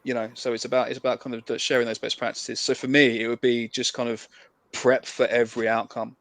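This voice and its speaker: A man's voice: medium pitch, level tone, brisk, fairly bright tone, dry recording. Man, English accent, persuasive sales talk, lots of fillers, dry close sound. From England. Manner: friendly, persuasive, with many fillers. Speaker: sales rep on a practice cold call. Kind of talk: casual sales chat.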